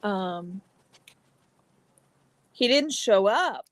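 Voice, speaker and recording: A woman's voice: medium pitch, expressive, drawn-out words, no room sound, rough recording. Woman, stream host, casual chat with viewers, snacking, dry close mic. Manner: chatty, talks to viewers while eating. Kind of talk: casual chat reading comments.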